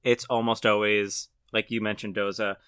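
A man's voice: lowish voice, normal speed, clear, resonant tone, no room sound. A man co-hosting a podcast, talking casually and analytically about horror films. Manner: relaxed, analytical, frequent "like". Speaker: podcast co-host.

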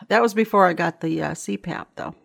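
A woman's voice: medium pitch, gravelly, fairly bright tone, husky. A middle-aged woman, a guest on her daughter's podcast, chatting casually and laughing often as she tells stories and acts out what others said. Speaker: podcast guest, host's mother. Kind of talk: casual chat.

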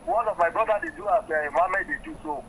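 A man calling in to a radio show by phone who speaks Nigerian Pidgin in a quick, earnest way. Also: high-pitched, crowd noise, rough recording. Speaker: caller.

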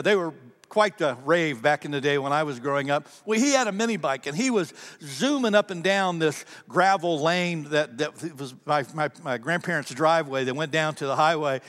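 Man, fairly high voice, animated storytelling sermon, echoing hall. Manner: animated storyteller, repeats words, addresses the audience. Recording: reverberant hall.

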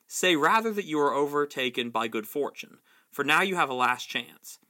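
A man reading aloud, voicing a calm, dignified elf queen who speaks in a composed, cool way. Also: a little high, moderate pace.

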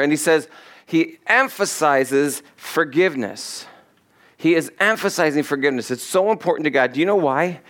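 A pastor preaching a sermon, slowing down to stress key words and putting questions directly to his congregation. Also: a little high, fairly bright tone. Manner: emphatic, slows to stress key words, quotes scripture.

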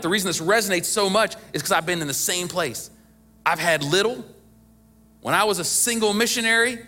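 Bright-voiced male preacher, chatty and emphatic. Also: high voice. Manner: conversational preaching with emphatic bursts and chuckles. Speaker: pastor. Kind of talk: sermon.

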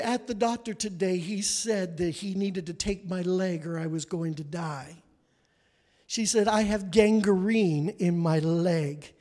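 A man preaching a sermon, telling stories dramatically and acting out the people in them, at times rising to a near shout. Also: high voice, in a large hall. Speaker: guest preacher. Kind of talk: sermon storytelling. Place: church sanctuary.

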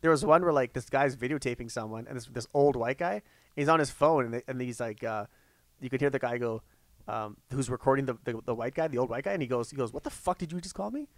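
A man co-hosting a casual podcast, retelling clips he saw with halting restarts and acted-out quotes. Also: medium pitch, dry recording. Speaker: podcast co-host. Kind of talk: casual chat.

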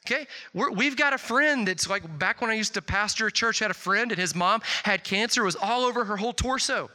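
A middle-aged man preaching a sermon, telling stories with lots of "like" and jumping up loud and high when he quotes people. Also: brisk. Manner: animated storytelling, swings loud and high on quotes, filler "like". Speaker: pastor. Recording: long hall reverb.

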